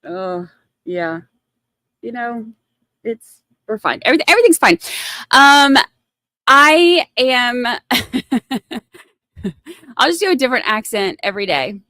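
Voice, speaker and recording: A woman's voice: a little high, big pitch swings, slow, pauses often, pushed and bright, no room sound, studio quality. Giggly rambling woman streamer. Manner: giggly, rambling, self-mocking. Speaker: livestream host. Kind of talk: casual livestream chat.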